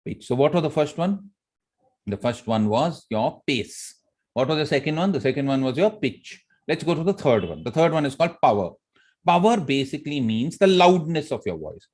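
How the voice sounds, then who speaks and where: Male public speaking teacher, animated, asks questions, classroom lesson. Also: fairly high pitch, normal speed, breathy edge.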